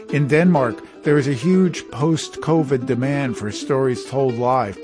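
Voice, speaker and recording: Calm male radio host over guitar. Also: mid-range voice. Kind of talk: scripted radio hosting. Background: guitar music.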